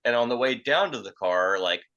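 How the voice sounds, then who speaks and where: Speaking a little fast over a muffled recording, a young podcast storyteller with a mid-range, animated voice casually recounts a crude story. It's rambling and profane, heavy on fillers, with quotes acted out loudly.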